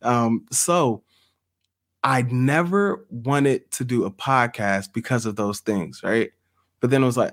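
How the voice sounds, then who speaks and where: Brief: middle-aged man, casual podcast host, animated storyteller with easy laughs, mid-pitched voice. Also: measured pace. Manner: storytelling, laughs often, addresses audience as y'all. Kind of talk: casual livestream chat.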